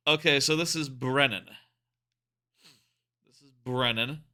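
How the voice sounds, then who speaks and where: A man's voice: mid-range voice, slow, pauses often, sharp tone, soft background music. A young man casually musing aloud as he plays through a game, rambling as he goes. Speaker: let's play host. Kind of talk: casual gameplay commentary.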